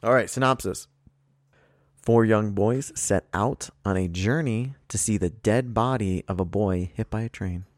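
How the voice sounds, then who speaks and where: A man co-hosting a podcast, running a movie quiz and teasing his friend with profane banter, reading clues out slowly. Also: fairly low pitch, no echo. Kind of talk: casual banter.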